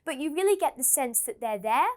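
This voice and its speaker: A woman with an Australian accent narrates a prepared literature lesson. Her voice sits high, and she explains each point clearly and methodically. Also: expressive, brisk. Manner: explains clearly, reads quoted extracts aloud. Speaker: English teacher.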